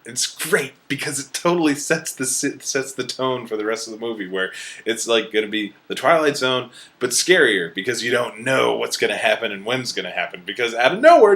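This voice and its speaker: Animated, rambling man with lively pitch. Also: a little fast. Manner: animated, jumps to high excited exclamations, self-interrupting asides. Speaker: host of a movie commentary series. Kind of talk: casual rambling commentary.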